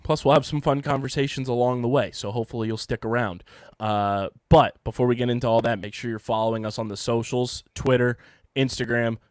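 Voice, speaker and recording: A man hosting a casual sports podcast, hoarse from having partly lost his voice, ranting and joking at himself. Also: medium pitch, fairly even intonation, brisk, darkish tone, no room sound, studio quality. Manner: ranting, self-mocking banter. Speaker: podcast host. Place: home studio.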